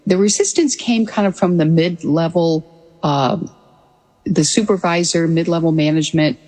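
A woman's voice: low-pitched, normal speed, dark tone, long reverb tail, low-quality recording. A woman in her sixties, a former military pilot, telling her story as an interview guest in an earnest, reflective way. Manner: earnest and reflective, with frequent restarts and light laughs. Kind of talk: conversational storytelling.

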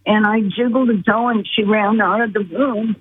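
A woman's voice: medium pitch, steady tone, normal speed, husky, dry recording. A woman caller earnestly and vividly recounting a personal story. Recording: tinny phone line with faint hiss.

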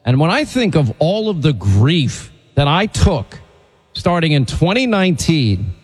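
A man's voice: a little high, unhurried, breathy edge, big-room sound. A man hosting a talk show, telling stories and delivering indignant commentary. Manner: animated, indignant storytelling. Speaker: TV host.

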